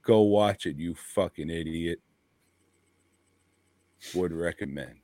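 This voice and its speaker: A man's voice: deep voice, slow pace, mellow, no room sound. A man co-hosting a podcast, talking in a rambling, profane, laid-back way about movies. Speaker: podcast co-host. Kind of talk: casual chat.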